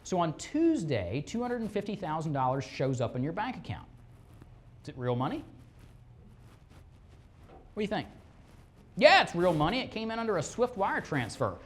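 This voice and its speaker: In a presentation room before a live audience, a police fraud detective gives a lively classroom talk with a swooping pitch, highly animated. He fires rhetorical questions at the room and acts out scammers' lines in quick put-on voices.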